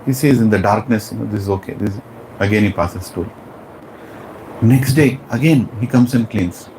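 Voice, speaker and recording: A man with an Indian English accent and a lowish voice teaches a spiritual class at a moderate pace, on a rough recording with a little hiss or hum. He tells stories animatedly, acts out the characters and puts questions to his students.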